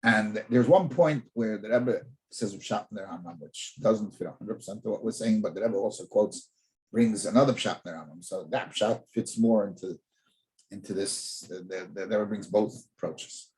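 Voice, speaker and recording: A man teaching an in-depth Talmud class, animated, often repeating words as he thinks and asking rhetorical questions. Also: lowish voice, normal speed.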